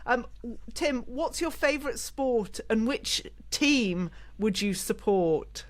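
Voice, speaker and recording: A woman's voice: on the high side, animated, slow. Woman host reading out listener questions. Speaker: podcast host.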